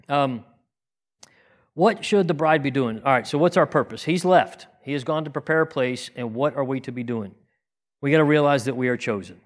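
A man giving a conversational sermon, earnest and plain-spoken, asking rhetorical questions and often restarting his sentences. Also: mid-range voice. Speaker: teacher in a congregation.

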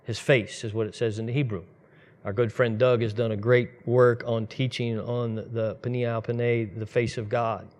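A man's voice: mid-range voice, flat delivery, moderate pace, a little mellow, muffled recording. A man preaching a sermon in a conversational, storytelling way, speeding up in bursts. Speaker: pastor.

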